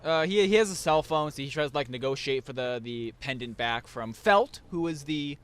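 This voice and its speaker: A man's voice: a little high, animated, normal speed, a bit bright, clear, resonant tone. A young man hosting a casual chat, rambling through a recap with many restarts and fillers. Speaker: podcast host.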